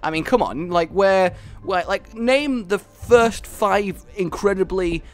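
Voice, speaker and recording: A man hosting a gaming channel, giving excitable, rambling gameplay commentary full of giggles. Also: high-pitched, slow, faint music behind.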